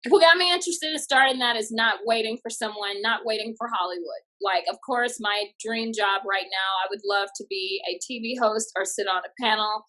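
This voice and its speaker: A woman comedian from a small town in Texas, telling stories in a lively way and acting out what people said. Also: a little high, brisk, hardly any pauses, poor audio. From Tatum, Texas. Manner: lively, acts out quotes in bursts. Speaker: comedian and guest. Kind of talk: animated storytelling.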